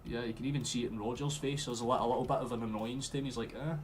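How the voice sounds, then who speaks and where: A young Scottish man streaming a football watchalong, chatting and swearing freely, with sudden loud outbursts at the play. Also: medium pitch, steady tone, very fast, a little hiss or hum. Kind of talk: live match commentary to chat.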